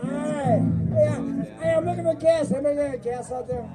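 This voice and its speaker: A man rouses a festival crowd from an outdoor stage in an impassioned rally speech. His voice runs very high and swings widely in pitch. Music plays clearly behind him. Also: huge pitch swings, normal speed. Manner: impassioned, rousing, shouting to crowd. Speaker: festival speaker.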